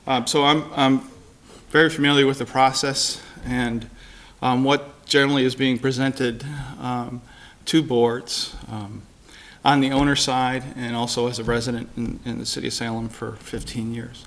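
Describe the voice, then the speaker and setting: A man's voice: mid-range voice, flat delivery, moderate pace, fairly bright tone. A man in his forties answers council questions about his work experience in a businesslike way, with many filler words. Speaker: board appointee. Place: city council chamber.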